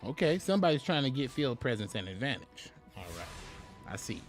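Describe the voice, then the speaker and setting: Casting: lively male streamer, animated swings in pitch, chatty and joking, faint music underneath. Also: fairly quick. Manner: animated, laughing, chatty with chat viewers. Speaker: game streamer. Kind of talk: live gameplay commentary.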